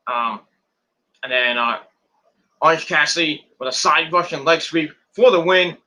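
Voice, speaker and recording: A man's voice: fairly high pitch, a little slow, bright, forceful tone. A man casually recapping a wrestling match move by move, rambling and repeating words as he goes. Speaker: wrestling show reviewer.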